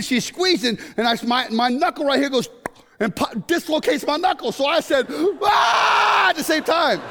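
A middle-aged man preaching a sermon, animated and jokey, breaking into sudden shouts. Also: extremely high pitch. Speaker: pastor. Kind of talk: sermon with comic stories. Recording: long hall reverb.

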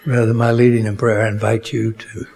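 A man preaching a sermon slowly and deliberately, rising to emphatic peaks on key words. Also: fairly low pitch, level tone, gravelly, darkish tone.

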